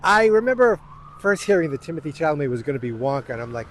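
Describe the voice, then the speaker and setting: A man records his casual podcast outdoors while walking his dog, holding a tiny microphone in his hand. His voice sits a little high and he rambles in a self-deprecating way, at times slipping into a playful vampire voice. Faint traffic hums in the background. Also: big pitch swings, fast talker. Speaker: podcast host. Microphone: tiny handheld microphone.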